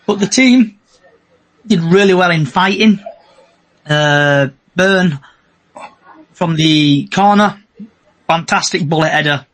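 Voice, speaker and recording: A man hosting a relaxed football podcast, talking in a voice a bit higher than most men's. He chats casually and reels off match statistics in quick bursts. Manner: reads out match stats in bursts. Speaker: podcast host.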